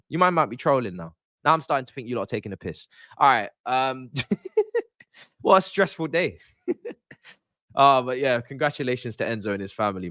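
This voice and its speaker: A man, hosting a live-stream pre-match chat as a football fan, in animated, exasperated, joking banter. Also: mid-range voice, no room sound, studio quality.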